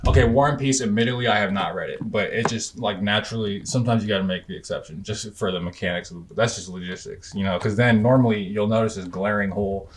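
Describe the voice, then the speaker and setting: Young guy touring his bookshelf, kinda low voice, cursing and slang everywhere, trails off and restarts a lot. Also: quick pace, hardly any pauses, slight background noise. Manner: slangy, profane, offhand; rambling, self-interrupting. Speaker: book reviewer host. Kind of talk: casual bookshelf tour chat.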